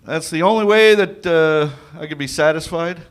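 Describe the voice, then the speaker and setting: A man's voice: on the high side, clear, resonant tone. A man doing a rambling, self-deprecating stand-up set on an open-mic stage. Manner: slow, rambling, self-deprecating delivery in a cow costume. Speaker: stand-up comic. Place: comedy club stage.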